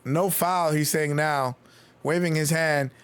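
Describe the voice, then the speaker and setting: A man streaming excited play-by-play commentary on a basketball game, loud exclamations and rapid calls, with a voice going hoarse. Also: on the high side. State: losing his voice.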